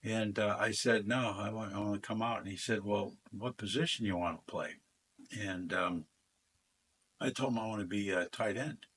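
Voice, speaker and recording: An older man with a somewhat low voice tells stories from his past in a relaxed, meandering way, full of fillers. He acts out the dialogue of the people he remembers. A faint hiss runs under the recording. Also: normal speed. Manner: rambling anecdotes, acts out quoted dialogue, frequent fillers. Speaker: former football player, interview guest. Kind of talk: casual storytelling interview.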